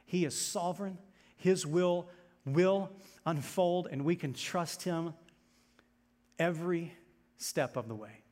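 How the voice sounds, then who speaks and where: Impassioned high-voiced male preacher. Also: slow, pauses often, darkish tone. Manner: impassioned, repetitive preaching with rising intensity. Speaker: pastor. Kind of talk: sermon. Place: church sanctuary. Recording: long reverb in a large room.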